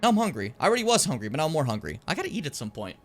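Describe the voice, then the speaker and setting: A man's voice: on the high side, huge pitch swings, racing, soft background music. A young man hosting his own gaming stream from home, chatting casually with swearing and self-mocking asides. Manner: rambling, self-mocking, frequent swearing and fillers.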